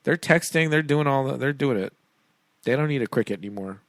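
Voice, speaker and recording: A man's voice: mid-range voice, animated, fairly quick, dry recording, clean studio sound. A man co-hosting a podcast in casual chat, laughing often and slipping into silly voices. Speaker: podcast co-host.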